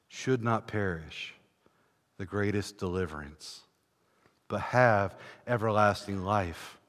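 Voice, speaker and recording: A man preaching a sermon in a church, fervent, swelling from hushed passages to ringing declarations. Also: low-pitched. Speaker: pastor. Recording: long reverb of a large church hall.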